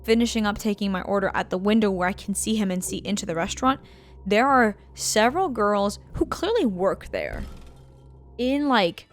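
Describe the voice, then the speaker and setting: A woman's voice: mid-range voice, moderate pace. Give me a woman co-host casually telling a swear-heavy story while playing a game. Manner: profane, animated anecdote with acted-out quotes. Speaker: let's play co-host.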